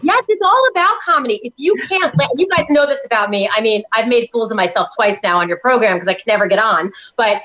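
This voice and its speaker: A woman's voice: fairly high pitch, animated, quick pace, few pauses, pushed and bright, lo-fi sound. A woman from New York, a parenting coach, talking as an upbeat, salesy guest on a talk show. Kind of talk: enthusiastic talk-show chat. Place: studio in Tampa.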